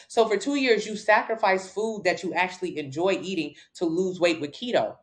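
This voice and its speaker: A woman's voice: lowish voice, moderate pace, few pauses, slight background noise. A woman fitness coach, answering viewers' questions on a casual livestream in a blunt, brash, jokey way.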